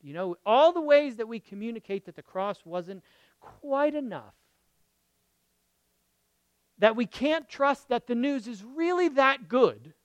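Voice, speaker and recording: Male pastor, casual sermon delivery, smooth resonant voice, loud punches and hushed asides, checks in with listeners. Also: extremely high pitch, animated, measured pace, long pauses, no echo. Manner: swings from loud emphatic lines to quiet murmured asides; checks in with the audience, asking okay and right. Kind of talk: conversational sermon.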